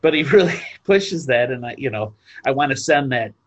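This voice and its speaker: A man co-hosts a podcast in a keen, chatty way and often trails off mid-thought. His voice is husky. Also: medium pitch, animated, normal speed. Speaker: podcast co-host. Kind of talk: casual chat.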